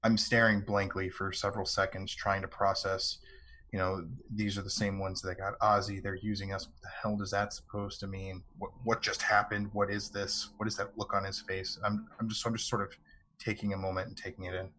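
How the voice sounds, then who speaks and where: A man's voice: sits low, level tone, fairly quick, sharp tone, slight background noise, low-quality recording. A man taking part in a tabletop game, describing his character's actions hesitantly as he thinks aloud. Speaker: player.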